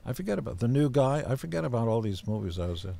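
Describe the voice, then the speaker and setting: A man in his seventies, a podcast guest, telling stories in a gruff, deadpan way and acting out other people's voices. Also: mid-range voice, rapid-fire. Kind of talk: casual storytelling.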